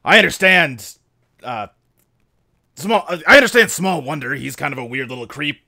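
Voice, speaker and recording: Eager soldier dog, all ma'am this ma'am that, bright bouncy voice, a guy putting it on. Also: a little high, expressive, normal speed, vocal fry, full character voice. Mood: earnest. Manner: clipped military "ma'am" replies. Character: gruff male soldier dog, eager, earnest.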